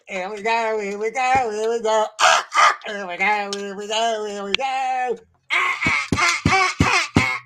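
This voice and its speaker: A man's voice: very high voice, very noisy, pitched above the performer's own voice. A man voicing a simple-minded, rowdy Brussels sprout, in an improvised comedy bit.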